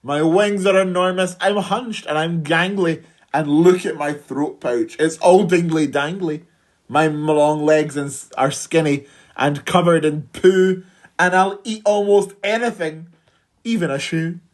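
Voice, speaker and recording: A woman's voice: low-pitched, fairly even intonation, unhurried. A woman voicing a grouchy, grumpy old marabou stork that grumbles in rhyme about its looks.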